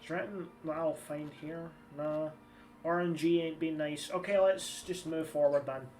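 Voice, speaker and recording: A man's voice: on the high side, fairly even intonation, moderate pace, a little mellow. A man, giving casual, rambling gameplay commentary and swearing freely. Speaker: streamer. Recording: slightly distant mic with game music.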